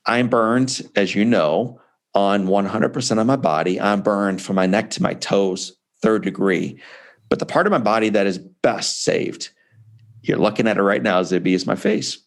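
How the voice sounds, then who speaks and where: A man in his forties, from Missouri, tells a deeply personal story with earnest passion and long dramatic pauses. His low voice has a gravelly, creaky edge. He speaks to the host over a video call. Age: 40s. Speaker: author and guest speaker. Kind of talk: emotional personal storytelling in an interview.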